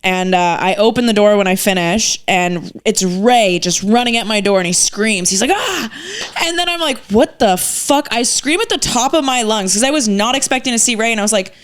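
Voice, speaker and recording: A woman's voice: medium pitch, a little fast, hardly any pauses, clean tone. A woman co-hosting a podcast, telling candid stories and laughing often in casual chat. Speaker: podcast co-host.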